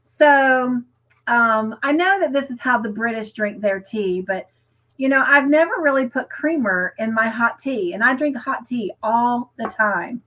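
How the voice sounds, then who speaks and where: A woman's voice: a little high, a little slow, highs cut off. A woman co-hosting a crafting livestream, chatting casually and reading viewer comments aloud, with frequent giggles. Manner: chatty and giggly, lingers on stories.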